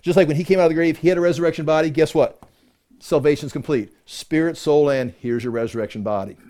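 A man's voice: fairly high pitch, quick pace, warm tone. A man teaching a conversational Bible-study sermon, reading verses aloud with emphasis and explaining them with rhetorical questions.

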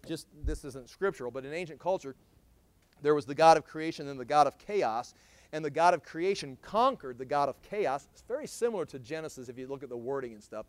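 A man preaching a sermon in an emphatic way, with sudden loud stresses and frequent restarts. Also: a little high, no echo. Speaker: pastor.

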